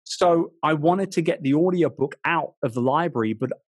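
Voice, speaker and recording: A British man in his forties, an author guest telling animated stories in an interview, often restarting his sentences. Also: a little high, normal speed, slightly rough, no room sound, studio quality. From England. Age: 40s. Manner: animated storyteller, frequent restarts. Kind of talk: storytelling interview chat.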